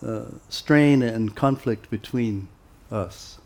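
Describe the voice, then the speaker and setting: A man giving an informal spiritual talk to devotees in a relaxed, conversational way, with many pauses and acted-out quoted exchanges. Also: medium pitch. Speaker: monastic teacher.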